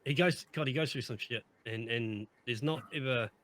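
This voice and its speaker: A man's voice: medium pitch, normal speed, fairly bright tone, slight background noise. A man chatting on a podcast, emphatic and upbeat, repeating himself and swearing heavily. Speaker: streamer on podcast. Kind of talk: casual chat.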